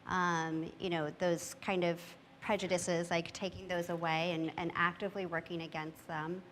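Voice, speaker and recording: Lady panelist, lowish voice, thoughtful, ums, echoey hall, faint hiss. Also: flat delivery, fairly bright tone. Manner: thoughtful, measured, frequent fillers. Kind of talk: panel discussion talk. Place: church hall. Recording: long hall reverb, faint noise.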